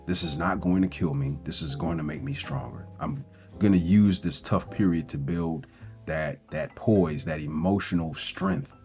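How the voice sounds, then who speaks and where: A man speaking as a breakup coach in a motivational self-help talk. He is earnest and builds his points through strings of rhetorical questions. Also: low voice.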